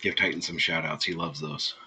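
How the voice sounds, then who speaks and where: Low, husky-voiced man chatting. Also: steady tone, fairly quick, pushed and bright, rough recording. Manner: easygoing, rambling, laughs freely. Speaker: streamer host. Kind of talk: casual chat with live viewers.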